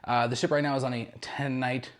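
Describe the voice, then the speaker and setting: A man's voice: medium pitch, level tone, a little fast. A young man hosting a casual cruise news roundup, chatty and rambling, with jokey asides and frequent self-corrections.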